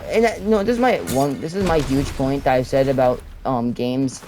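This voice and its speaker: A young man talks over his game as he plays, rambling and complaining and tripping over his words. His voice sits at a middle pitch. Faint game noise and gunfire sit behind him. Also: normal speed, a little mellow, low-quality recording. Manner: rambling, complaining, many fillers and restarts. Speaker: gamer. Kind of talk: gameplay commentary.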